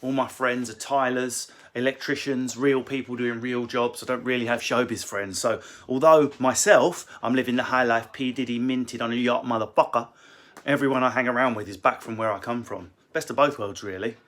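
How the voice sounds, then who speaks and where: A man's voice: mid-range voice, fairly even intonation, normal speed, a bit bright. A man who is a comedian, casually answering viewer questions from a room at home with cheeky, crude banter. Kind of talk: casual live Q&A.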